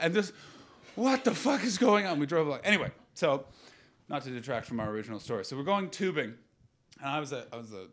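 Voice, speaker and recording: A Canadian man in his thirties telling a stand-up comedy story and bantering with the audience, swinging from loud outbursts to low asides. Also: lively intonation, fast. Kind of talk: stand-up comedy with crowd work.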